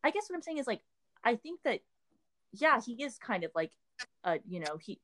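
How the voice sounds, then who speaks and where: A woman's voice: a little high, sing-song, brisk, fairly bright tone. A young woman co-hosting a casual chat, rambling with constant filler words and restarts. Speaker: podcast co-host.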